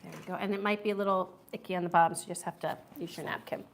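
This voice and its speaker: A woman's voice: lowish voice, steady tone, very fast, creaky. Host: woman, chatty, enthusiastic food-review streamer, faint background noise. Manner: chatty, enthusiastic, reads viewer comments aloud.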